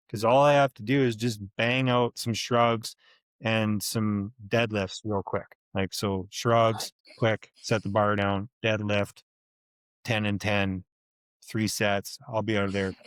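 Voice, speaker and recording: A man in his thirties with a mid-range voice, recorded with no room sound, co-hosts a podcast. Telling a story in casual chat, he swears freely and animatedly acts out both sides of an argument.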